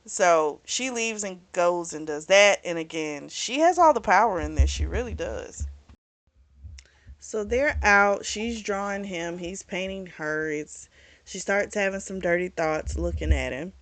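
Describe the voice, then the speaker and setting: A woman's voice: on the low side, lively intonation, unhurried, no echo. A woman hosting a book club channel, retelling a romance novel's plot in casual chat full of "like" and "you know".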